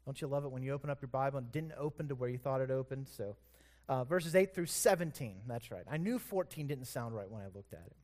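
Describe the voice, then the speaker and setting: A pastor preaching a sermon in a relaxed, conversational way. He corrects himself aloud and lets his storytelling build in intensity. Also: mid-range voice, fast.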